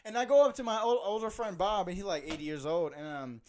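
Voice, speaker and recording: A young man hosting a podcast, telling an animated story with lots of laughing and "bro". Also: high voice, fast, slight background noise. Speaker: podcast host. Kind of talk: casual storytelling chat.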